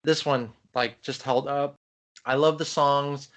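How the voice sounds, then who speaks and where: A man co-hosting a podcast in casual, animated chat, talking with enthusiasm. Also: medium pitch, takes it slowly. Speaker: podcast co-host. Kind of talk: casual chat about films.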